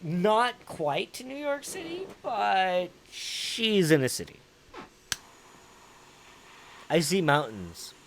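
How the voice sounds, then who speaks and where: A man's voice: sits high, very animated, slow pace, vocal fry, a little hiss or hum. A man with a Southern US accent, hosting a livestream and chatting casually with his viewers in a rambling, profane, laid-back way. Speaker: livestream host.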